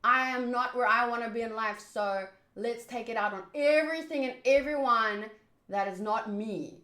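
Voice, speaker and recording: A woman's voice: on the high side, moderate pace, bright, forceful tone. A woman hosting a manga readthrough, chatting and musing aloud as she reads. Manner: chatty, laughs and muses aloud. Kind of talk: casual reading and chat. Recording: roomy echo.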